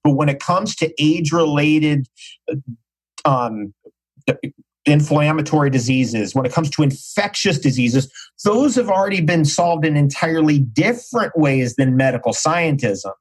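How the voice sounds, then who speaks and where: A man's voice: fairly high pitch, normal speed, slightly rough, poor audio. A man speaking as a podcast guest in casual interview talk, emphatic and repeating phrases for stress.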